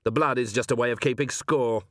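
A man's voice: medium pitch, fairly even intonation, a little fast, fairly bright tone, dry recording, natural voice. A man voicing a weary, blunt male watch commander who talks in a dry, clipped way. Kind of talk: audiobook character voice.

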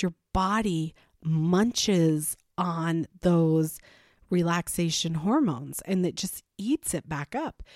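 A woman telling a candid personal story as a parent vlogger, chatty and animated, acting out both sides of conversations. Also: fairly low pitch, dry recording, studio quality.

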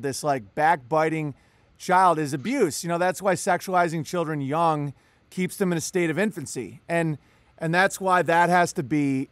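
A man with a high voice co-hosts a loose podcast chat. He rambles, stammers, swears and laughs often. The mic is dry and close. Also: dry recording. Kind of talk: casual podcast conversation.

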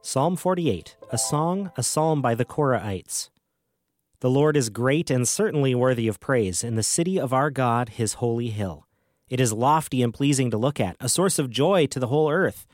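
A man reciting a psalm for a daily Bible reading plan, calm and even. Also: mid-range voice, normal speed, dry recording, studio quality. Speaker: scripture reader.

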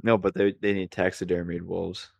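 A young man on a podcast, talking in a lowish voice as he rambles through stories. He stops and restarts his thoughts. The sound is dry, with no room around it. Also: flat delivery, creaky, a little mellow, no echo. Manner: rambling storyteller, halting restarts. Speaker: podcast co-host. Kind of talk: casual chat.

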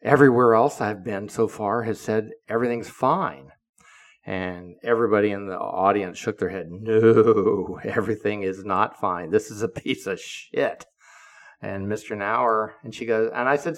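A man's voice: on the low side, moderate pace. A man of seventy, a podcaster, telling a story in a blunt, profane monologue that turns heated when he quotes himself. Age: 70s.

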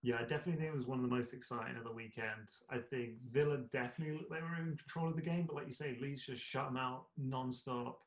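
A man co-hosting a casual football podcast, eager and chiming in with quick agreement. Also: mid-range voice, fairly even intonation, poor audio. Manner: enthusiastic, quick agreeing interjections. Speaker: podcast co-host.

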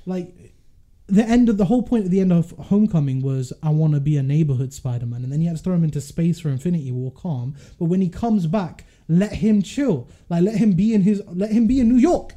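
High, mellow-voiced ranting man. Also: animated. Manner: passionate, indignant, fast rants. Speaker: podcast co-host. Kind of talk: casual ranting chat.

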